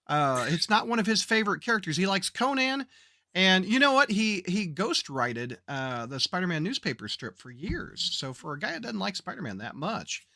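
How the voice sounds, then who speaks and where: A man's voice: sits high, big pitch swings, normal speed, bright, forceful tone, dry recording, studio quality. A man co-hosting a casual comics podcast, joking, laughing often and reading out chat comments. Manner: jokey, laughs often, reads chat aloud. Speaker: podcast co-host.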